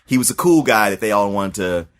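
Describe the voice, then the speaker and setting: A man's voice: lowish voice, lively intonation, fairly quick. A man co-hosting a film review podcast, easygoing and giggly in casual chat.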